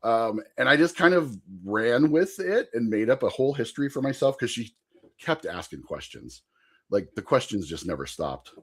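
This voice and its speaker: Podcast guest, young man, animated storyteller with a lively voice. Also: mid-range voice, normal speed, husky. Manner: animated, laughing, rambling anecdote. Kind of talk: casual storytelling.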